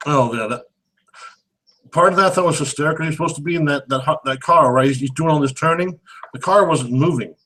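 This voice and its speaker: A man's voice: on the high side, quick pace, pushed and bright, low-quality recording. Amused rambling man chatting about a film. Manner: amused, rambling, with repeated restarts. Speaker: movie review co-host. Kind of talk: casual chat.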